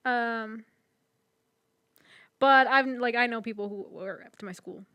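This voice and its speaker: A woman's voice: a little high, a little slow, pushed and bright, clear, resonant tone, no room sound. A young woman co-hosting a podcast, rambling through stories in casual chat with lots of "like" and "um". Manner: chatty, rambling, full of "like" and "um". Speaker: podcast co-host.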